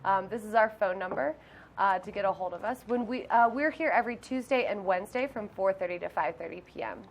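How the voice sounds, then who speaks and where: A woman's voice: medium pitch, fairly quick, gravelly, slight background noise. A woman who teaches math, hosting a live call-in homework help show in a friendly way with frequent ums.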